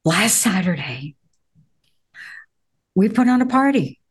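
Lively woman host, chatty storyteller who laughs easily. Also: mid-range voice, slightly rough. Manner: animated, laughing, storytelling with drawn-out emphasis. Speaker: show host. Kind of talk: conversational show interview.

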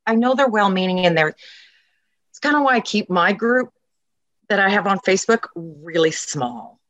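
A woman's voice: mid-range voice, expressive, moderate pace, a bit bright, no room sound, highs cut off. A middle-aged woman talking casually and emphatically as a parenting coach, acting out the lines she quotes. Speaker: podcast guest, parenting coach. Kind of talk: casual conversation.

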